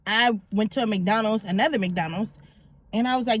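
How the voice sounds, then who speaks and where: A woman's voice: fairly high pitch, big pitch swings, brisk. A middle-aged woman vlogger telling her own story in a candid, blunt and slangy way. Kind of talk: confessional storytelling.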